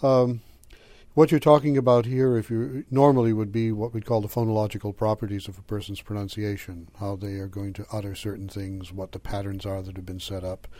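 A middle-aged man with a light Boston accent and a low, mellow voice, speaking as a linguistics professor. He explains at a measured pace, lecturing with small fillers and the odd chuckle. The recording is dry and close. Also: flat delivery, dry recording. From Boston area. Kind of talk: explanatory interview answers.

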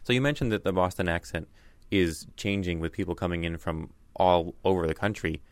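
A man's voice: low voice, brisk, no echo. A man interviewing a guest and asking curious, conversational questions.

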